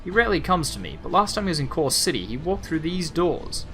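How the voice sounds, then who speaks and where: A sly old female merchant who cackles and smugly repeats her own words, as a man puts her on. The voice sits higher and sounds bright. Faint music plays behind her. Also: very animated, quick pace.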